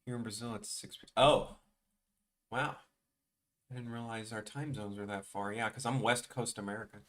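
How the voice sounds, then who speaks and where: A man's voice: on the low side, steady tone, moderate pace, fairly bright tone. A young man with a Chicago accent chatting casually with viewers on a drawing livestream, rambling with lots of restarts. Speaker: art streamer.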